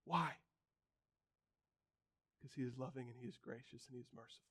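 A man's voice: medium pitch, fairly quick, fairly bright tone, breathy edge. A man preaching a sermon as a pastor, emphatic, building his points through repeated phrases.

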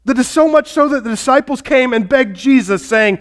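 A man's voice: extremely high pitch, brisk, few pauses. A male pastor preaching a sermon and retelling a story with drama, speaking directly to the congregation.

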